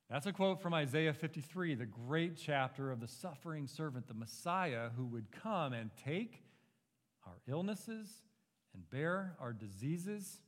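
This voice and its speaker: A man's voice: fairly high pitch, animated, unhurried, big-room sound. A man preaching an expository sermon as a pastor, earnest and emphatic, pushing his rhetorical questions upward.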